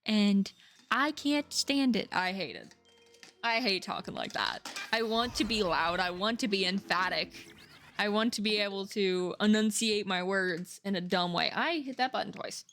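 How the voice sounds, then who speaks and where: A woman in her thirties streaming from home, chatting casually in a rambling, emphatic way with quick laughs and cursing. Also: mid-range voice, lively intonation, fairly bright tone, slight background noise. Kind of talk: casual live-stream chat. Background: faint game music.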